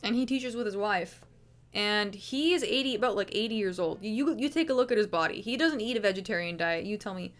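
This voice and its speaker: A woman's voice: medium pitch, expressive, brisk, a bit bright. A woman hosting a livestream, chatting casually and rambling with swearing and lots of restarts. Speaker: livestream host.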